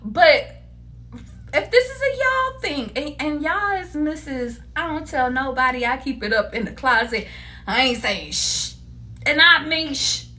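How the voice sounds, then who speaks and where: A woman giving a casual tarot reading to her viewers, animated, laughing often and cursing freely. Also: high-pitched, measured pace. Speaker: tarot reader.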